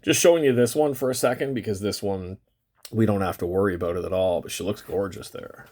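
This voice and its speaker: Opening trading cards for his channel, a male host talks in a low-ish, slightly mellow voice that moves a little fast. His chat is casual and rambling, with occasional swearing and drawn-out phrase endings.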